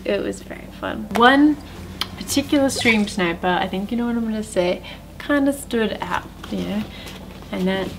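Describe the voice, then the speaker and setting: Chatty woman vlogging. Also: mid-range voice. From Australia. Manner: chatty, upbeat and self-deprecating. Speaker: streamer and YouTuber. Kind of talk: casual vlog narration.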